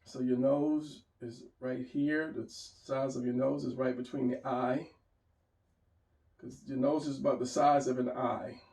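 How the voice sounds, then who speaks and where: A man's voice: medium pitch, little pitch movement, a little slow, a little mellow. A man giving a casual drawing lesson, rambling and restarting as he draws and talks it through. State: hiccuping. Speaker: drawing teacher. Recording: roomy, mic at a distance.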